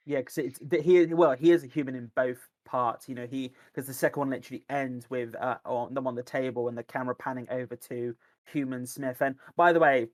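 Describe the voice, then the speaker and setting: In a dry recording, a man co-hosting a podcast talks films and games with casual enthusiasm, rambling and restarting often. His mid-range voice stays steady, running a little fast with few pauses.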